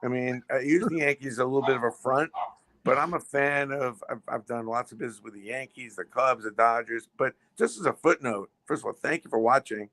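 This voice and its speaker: A man telling stories as a podcast guest, fast and full of restarts and repeated words. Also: mid-range voice, fairly bright tone. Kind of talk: casual storytelling.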